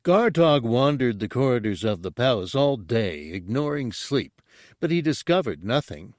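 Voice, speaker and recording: A man narrating an audiobook in a steady, unhurried storytelling manner. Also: medium pitch, dry recording, studio quality.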